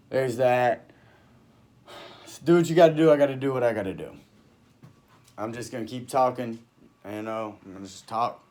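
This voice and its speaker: A man telling his own story into a phone in a halting, heated monologue, full of restarts and trailing off. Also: medium pitch, darkish tone. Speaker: vlogger recounting a personal dispute. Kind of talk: unscripted personal monologue.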